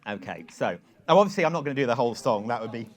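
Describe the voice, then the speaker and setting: A man with a lively storytelling manner, telling an anecdote on stage to a live audience and leading a sing-along. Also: mid-range voice, rapid-fire. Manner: lively storyteller, quoting emails in voices. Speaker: songwriter giving a talk. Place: event hall with live audience.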